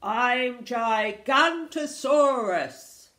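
A woman voicing a huge boastful dinosaur in a storybook read-aloud, roaring slowly. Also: lively intonation, bright, forceful tone, echoey room, heavily acted. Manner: slow booming roar.

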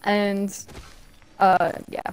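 A woman's voice: mid-range voice, flat delivery, extremely slow, clean tone, poor audio. A young adult woman streaming a game, chatting casually in a giggly, rambling way and swearing freely. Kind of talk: casual gaming chat.

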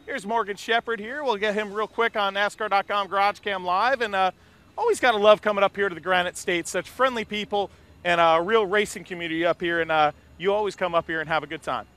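A man hosting a live walk-around in an outdoor race garage, talking into a handheld mic in an energetic, rambling way. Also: sits high, brisk. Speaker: garage reporter host. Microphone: handheld microphone.

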